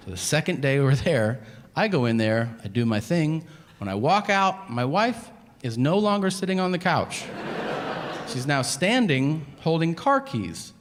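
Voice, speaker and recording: Stand-up man, 30s, deadpan storyteller with a lively, swooping delivery, live club audio with audible crowd noise. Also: mid-range voice. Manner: deadpan storytelling with acted-out voices. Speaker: stand-up comedian. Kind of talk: stand-up comedy set. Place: comedy club stage. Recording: live stage recording with audience noise.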